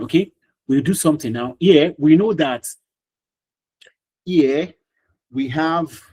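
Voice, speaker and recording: A man's voice: a little high, darkish tone, breathy edge, low-quality recording. A man teaching a live online class over a video call, repeating himself and quizzing students by name.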